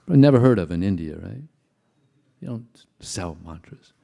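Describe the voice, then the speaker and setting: A man's voice: low voice, lively intonation, normal speed, creaky, warm tone. An older man giving a devotional talk to a congregation, telling anecdotes in a chatty, conversational way. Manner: anecdotal, chuckling, conversational storyteller. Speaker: temple speaker.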